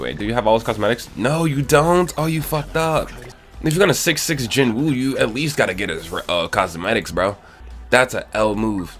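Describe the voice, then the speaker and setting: Blunt, exasperated young man reviewing accounts. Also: fairly low pitch. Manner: blunt, exasperated, swears a lot. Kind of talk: casual gaming commentary.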